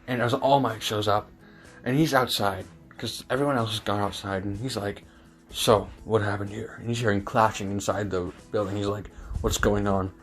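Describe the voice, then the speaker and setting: A man improvising a fan-fiction story, rambling with many fillers and self-corrections. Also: on the low side.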